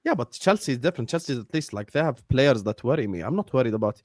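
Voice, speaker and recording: A man's voice: mid-range voice, big pitch swings, quick pace, darkish tone, no room sound, clean studio sound. A man co-hosting a live football fan stream, teasing and swearing freely. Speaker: co-host of a football fan show.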